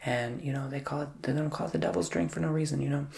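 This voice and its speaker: A man giving a chatty, theatrical ASMR tarot reading that keeps dropping into soft whispers. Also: a little high, steady tone, fast talker, creaky.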